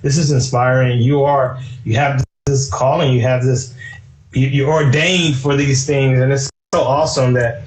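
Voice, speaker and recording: A man hosting a casual live-stream interview, relaxed and chatty, often saying "you know" and "man". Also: mid-range voice, reverberant, poor audio. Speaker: host.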